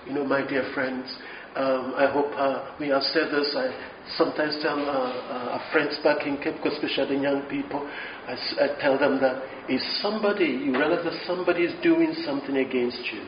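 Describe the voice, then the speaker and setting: A man's voice: distant mic, slight background noise. A man preaching a sermon, reading scripture passionately and pleading earnestly. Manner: impassioned, rising high when reading scripture aloud. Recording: echoey room, slightly dull sound.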